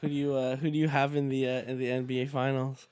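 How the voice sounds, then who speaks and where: A man co-hosting a podcast in an easygoing, casual way, quick to laugh. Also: mid-range voice, flat delivery, a little mellow, clean tone, no echo. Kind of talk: casual chat.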